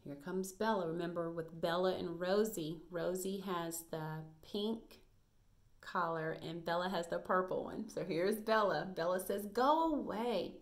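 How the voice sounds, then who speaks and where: A woman's voice: fairly low pitch, steady tone, unhurried. Encouraging woman teaching young children. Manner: bright, encouraging, praising teacher voice. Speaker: first grade teacher. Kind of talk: recorded video lesson for young children.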